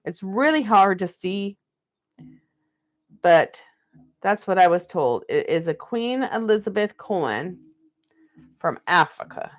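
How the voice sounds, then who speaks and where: A woman's voice: mid-range voice, expressive, takes it slowly, pauses often. A young woman from the Pacific Northwest doing a live-stream card reading, talking in a put-on Southern belle drawl and calling viewers darling.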